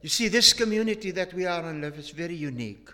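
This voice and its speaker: Earnest preacher in a reverberant hall. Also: male voice, high-pitched, animated, quick pace. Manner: earnest, emphatic, with frequent restarts and hushed drops. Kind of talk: sermon with storytelling.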